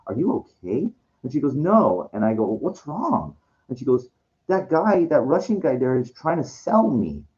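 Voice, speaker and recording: Man, lower voice, rambling frustrated vlog monologue, dull lo-fi recording. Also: darkish tone. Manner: rambling, repetitive, frustrated, many restarts. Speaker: vlogger.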